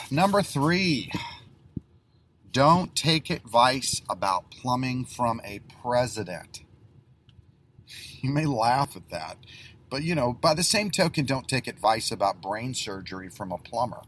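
A man's voice: medium pitch, big pitch swings, takes it slowly, long pauses, a bit bright, a little hiss or hum. A middle-aged man who owns a plumbing business, giving casual advice in a folksy, rambling way with lots of fillers and restarts.

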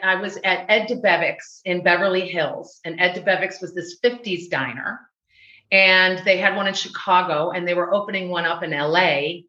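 A woman from the US Midwest, an actress being interviewed, telling stories in a lively, chatty way full of restarts. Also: lowish voice, normal speed. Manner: animated, chatty storyteller with laughs and restarts. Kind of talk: casual interview chat. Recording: roomy, dull recording.

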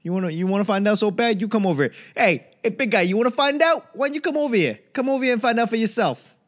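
A man doing a New York accent, brash local guy, taunting, high-pitched. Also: expressive, fast. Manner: taunting, challenging.

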